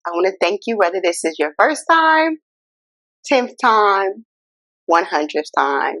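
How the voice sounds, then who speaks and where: A woman hosting a casual self-help talk. She speaks in an animated, incredulous way, addresses viewers as y'all, and. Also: medium pitch, a little slow, dry recording. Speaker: host.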